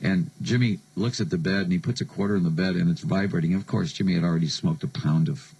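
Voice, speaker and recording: Gravelly, sardonic American radio DJ. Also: male voice, deep voice, quick pace, a little mellow, low-quality recording. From United States. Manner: sardonic, joking storyteller. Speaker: radio DJ host. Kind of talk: late-night radio show patter.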